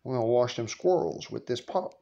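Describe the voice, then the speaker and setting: A man's voice: medium pitch, expressive, brisk, gravelly, mellow, dull audio. A man voicing his stern old grandmother, scolding in folksy talk.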